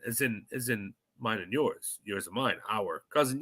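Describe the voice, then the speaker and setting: A man's voice: on the high side, a little fast, hardly any pauses. A man co-hosting a podcast, chatting animatedly about TV episodes and acting out quoted dialogue. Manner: animated, laughs easily, acts out quoted dialogue. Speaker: podcast co-host. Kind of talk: casual chat recapping TV episodes.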